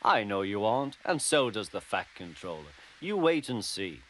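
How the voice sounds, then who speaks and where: A man voicing a kind, gentle old male engine who reassures a friend in a children's cartoon. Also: on the low side, very animated, moderate pace, low-quality recording. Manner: warm and reassuring. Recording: music playing behind.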